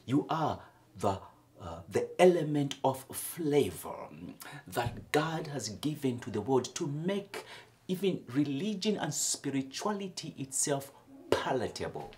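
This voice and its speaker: Expressive, slow-preaching man from Africa. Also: medium pitch. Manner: expressive preaching with sudden loud emphatic lifts and soft near-whispered drops. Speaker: priest. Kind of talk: homily.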